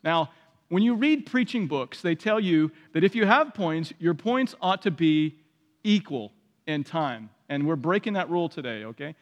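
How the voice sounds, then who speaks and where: A man preaching a sermon as pastor, emphatic and repeating his key phrases, often climbing to loud peaks. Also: on the high side, animated, moderate pace, highs cut off. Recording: long hall reverb.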